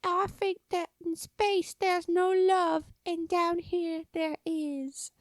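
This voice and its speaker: A small, earnest child speaks in a high, soft, wide-eyed sing-song, as a woman puts the voice on for a podcast. The voice sits far above her own and takes on a thinner, childlike tone. It is recorded close and dry. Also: flat delivery, slow, no echo.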